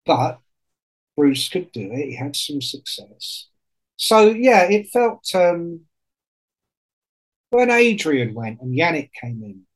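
A man in casual chat on a podcast, telling stories in an animated way and swearing often. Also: medium pitch, low-quality recording.

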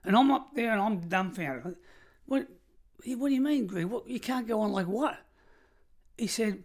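A man's voice: high-pitched, animated, normal speed, pauses often. Australian man, sixties, seasoned ex-prison officer guest, vivid emphatic storyteller. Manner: vivid, emphatic storyteller who piles up short phrases. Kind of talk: storytelling in an interview.

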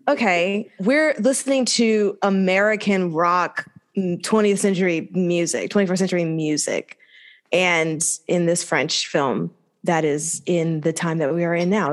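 A woman co-hosting a casual podcast, chatty and quick to laugh. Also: lowish voice. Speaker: podcast co-host. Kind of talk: casual chat.

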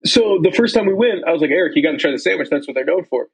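A man's voice: on the high side, animated, racing, creaky, breathy edge, rough recording. A young man co-hosting a casual chat, telling loose, rambling stories full of fillers. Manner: rambling storyteller, lots of likes and ums. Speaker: podcast co-host.

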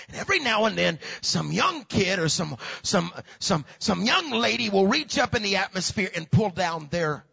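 A man preaching a sermon who swings from hushed tones to shouting and repeats words for emphasis. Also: sits high, very animated, moderate pace, creaky, hardly any pauses, breathy edge, highs cut off. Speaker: pastor.

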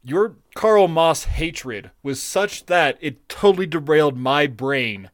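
A man co-hosting a podcast, chatting casually about a cartoon, animated and profane with frequent laughs. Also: fairly high pitch, slow pace, no echo, clean studio sound. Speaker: podcast co-host. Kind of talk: casual chat reviewing a cartoon episode.

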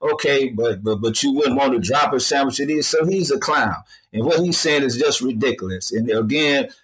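A man's voice: mid-range voice, animated, normal speed, fairly bright tone, husky, low-quality recording. A man speaking as a guest on a radio talk show, emphatic and colloquial, repeating phrases for stress.

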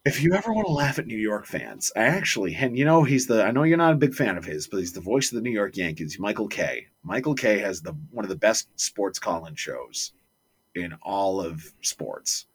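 A man's voice: fairly low pitch, moderate pace, slightly rough. A man co-hosting a podcast, telling stories in a casual chat and acting out the quotes. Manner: animated, acts out quotes.

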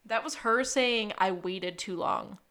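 A woman's voice: medium pitch, slow, a bit bright. A woman co-hosting a podcast, chatting casually about a TV episode and laughing often. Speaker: podcast co-host. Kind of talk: casual recap chat.

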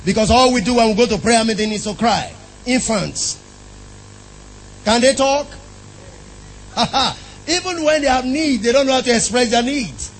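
Man, very high voice, preacher, emphatic sermon, questions to the congregation, faint noise behind. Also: moderate pace, long pauses, low-quality recording.

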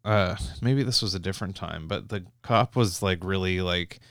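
A man's voice: low-pitched, normal speed, a bit bright, no echo, studio quality. A young Canadian man telling long, rambling road stories in casual chat, swearing freely and full of "like" and restarts.

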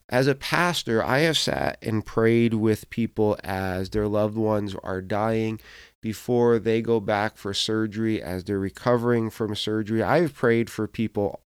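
A man's voice: on the low side, clean tone, no echo, clean studio sound. A man, a pastor, giving a sermon, telling a personal story and acting out quoted voices as he goes.

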